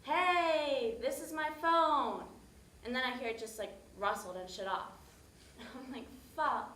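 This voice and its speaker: A woman's voice: unhurried, bright, forceful tone, slight background noise. An actor on stage playing a tired, exasperated young woman who swears casually while telling how she lost her phone. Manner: casual, swearing, acts out shrill calls. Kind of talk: stage monologue. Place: theater stage. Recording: echoey stage room.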